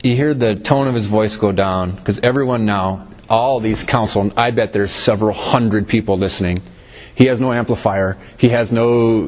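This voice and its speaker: In a slightly mellow voice, a man delivers a sermon, reading scripture and unpacking it as his voice dips low and lifts again for emphasis.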